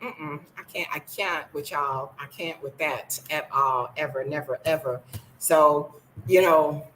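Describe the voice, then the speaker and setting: A woman's voice: sits low, a little slow, a bit bright, a little hiss or hum, low-quality recording. An older woman from the United States, blunt and sassy, chatting casually in a vlog from her home. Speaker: vlogger.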